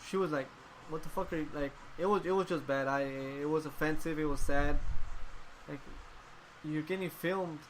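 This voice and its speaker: A man with a slightly higher-than-usual voice rants hotly on a casual podcast, swearing freely as he vents. Faint noise sits under the recording. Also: normal speed, rough recording. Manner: profane, heated and ranting. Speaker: podcast host. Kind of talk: casual chat.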